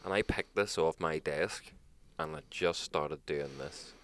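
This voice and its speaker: A young man with a Northern Irish accent, co-hosting a podcast in sweary, animated casual chat. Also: extremely low pitch, a little slow. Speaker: podcast co-host.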